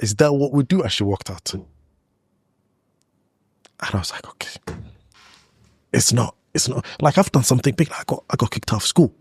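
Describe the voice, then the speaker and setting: A man's voice: mid-range voice, dry recording, studio quality. A man speaking as a guest in a podcast interview, telling a personal story in a loose, chatty way full of "like" and "you know".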